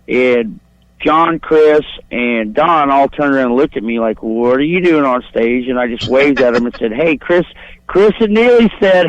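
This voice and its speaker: A man's voice: mid-range voice, no echo. A man phones in to a talk show and tells a long crude story. He rambles and boasts. The line is dull and lo-fi, with no room sound at all. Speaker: caller. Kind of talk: profane call-in storytelling.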